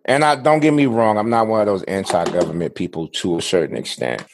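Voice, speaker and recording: A man's voice: on the low side, a little fast, vocal fry, background noise. A man co-hosting a podcast, talking bluntly and casually with frequent swearing. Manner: blunt, swears freely, laughs often. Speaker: podcast co-host.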